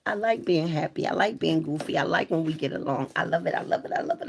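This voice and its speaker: A woman's voice: low voice, a little fast, gravelly, husky. Candid swearing woman chatting on a livestream. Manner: candid, swears freely, reads out viewer comments. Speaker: livestream host. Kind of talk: casual livestream chat.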